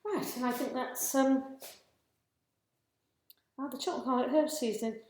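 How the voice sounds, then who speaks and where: A woman's voice: high voice, normal speed, pauses often, darkish tone. Chatty woman cooking live in echoey kitchen. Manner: chatty, scattered, greets viewers mid-task. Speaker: cooking livestream host. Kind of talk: casual chat while cooking live. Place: home kitchen.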